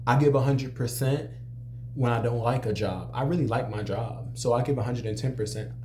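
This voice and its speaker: A man's voice: mid-range voice, moderate pace, a little mellow, a little hiss or hum. A young adult man who works as a cook, casually telling a personal story in a conversational way, with many "you know" fillers. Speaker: restaurant cook.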